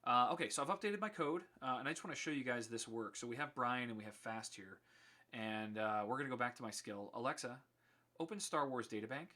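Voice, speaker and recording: A man's voice: medium pitch, brisk, pushed and bright. A man casually explaining his code on a live stream, chatty with many ums and restarts.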